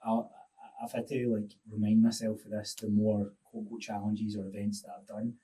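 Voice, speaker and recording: A man's voice: on the low side, little pitch movement, normal speed, dark tone, distant mic, low-quality recording. A man, a fitness coach and podcast guest, telling stories in a reflective, rambling way. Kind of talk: casual podcast chat.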